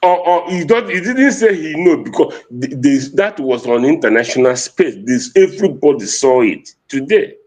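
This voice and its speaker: A man from Nigeria speaks with a clear Igbo accent, his voice pitched slightly above the usual for a man. He delivers an impassioned political speech, moving between Igbo and English and hammering his points with repetition. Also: expressive, moderate pace, few pauses, darkish tone. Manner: fervent, mixes Igbo and English, repeats phrases. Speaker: activist speaker.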